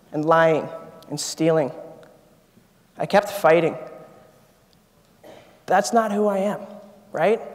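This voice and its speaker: High-voiced young man in echoing hall. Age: 20s. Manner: earnest personal storytelling, emphatic repetition. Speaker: keynote speaker, engineering student. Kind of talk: motivational speech. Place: conference auditorium stage. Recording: long reverb of a large hall.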